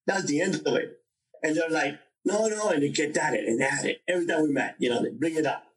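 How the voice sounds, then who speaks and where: A man in his sixties, a podcast guest telling his story in an animated way and acting out the dialogue himself. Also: a little high, fairly quick, recorded from a distance, low-quality recording. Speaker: interview guest.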